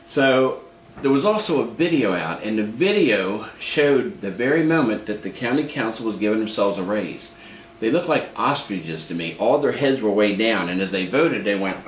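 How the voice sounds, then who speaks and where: A man running for county council, telling a folksy, chatty story about local politics and acting out the voices of the people in it. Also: fairly low pitch. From Maryland, USA. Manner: chatty, acts out quoted voices, repeats and restarts. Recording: roomy echo with faint background noise.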